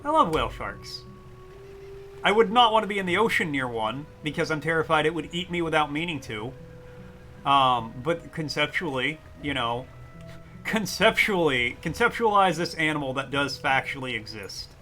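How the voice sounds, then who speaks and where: A man chatting casually as he plays a video game, reading its text aloud and reacting with excitement. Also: a little high, normal speed, faint music behind. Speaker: streamer. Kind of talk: casual gameplay commentary.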